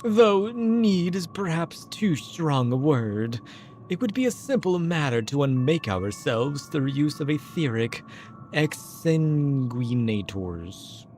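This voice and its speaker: A man reading the lines of a solemn, otherworldly ghostly creature in a stately, measured way. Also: a little high, big pitch swings, a little mellow, faint music behind, voice pushed up.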